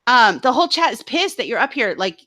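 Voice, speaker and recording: A woman co-hosting a casual live stream, telling a story in an animated, indignant way. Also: a little high, brisk. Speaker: co-host.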